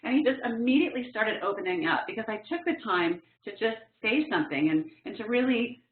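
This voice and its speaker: A woman's voice: on the high side, fairly quick. A woman trainer giving a professional development talk, telling personal stories and acting out what people said. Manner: lively storyteller acting out quotes. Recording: tinny phone-like sound in an echoey room.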